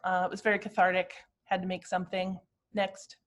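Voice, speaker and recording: A woman in her fifties, a glass artist, talking through slides of her own work in a reflective, halting, personal way. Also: on the low side, flat delivery, slight background noise. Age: 50s.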